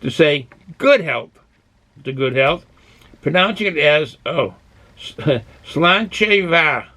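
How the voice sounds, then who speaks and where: A man's voice: on the high side, lively intonation, takes it slowly, a bit bright. A man from Boston hosting a casual beer review vlog, who rambles and goes off on tangents while drinking and snacking. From Boston, USA. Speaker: beer review channel host.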